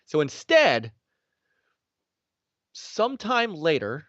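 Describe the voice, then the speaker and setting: A man's voice: slow pace, dry recording. A man in his forties, a guest telling stories in casual chat, acting out quotes animatedly. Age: 40s. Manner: animated, acts out quotes with big pitch swings. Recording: dry, slightly dull sound.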